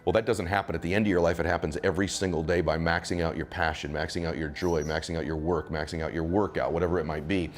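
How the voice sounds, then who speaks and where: A man's voice: low voice, steady tone, quick pace, hardly any pauses. A man giving motivational answers in an interview, speaking emphatically in punchy, repetitive phrases.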